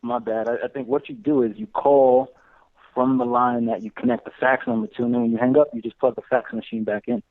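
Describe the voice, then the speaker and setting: Male guest, gravelly voice that swings up and down, tinny phone line, chatty. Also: mid-range voice, big pitch swings, brisk. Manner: chatty, with a lot of fillers and restarts. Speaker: podcast guest. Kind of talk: casual comedic chat.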